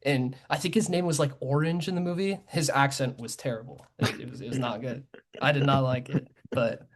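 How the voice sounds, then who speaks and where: A man's voice: medium pitch, steady tone, fairly quick. A young man co-hosting a podcast, chatting loosely about films, rambling with many fillers and self-corrections. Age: young adult. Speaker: podcast co-host. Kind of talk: casual film chat.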